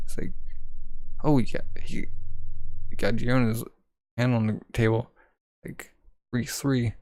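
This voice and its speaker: A man's voice: mid-range voice, level tone, unhurried, long pauses, darkish tone, dry recording, rough recording. A man casually reading a manga aloud, describing the panels and voicing the characters' lines in his own voice. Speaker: manga reader.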